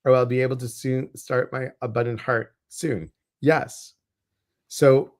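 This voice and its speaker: A man's voice: medium pitch, normal speed, a little mellow. A man co-hosting a casual livestream, reading viewers' questions and oracle cards, chatty and joking.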